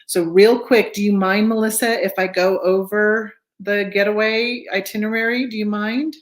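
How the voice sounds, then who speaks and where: A woman's voice: medium pitch, fairly even intonation, moderate pace. A woman hosting a virtual book club on a video call, chatty and now and then tongue-tied. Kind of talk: casual video-call chat.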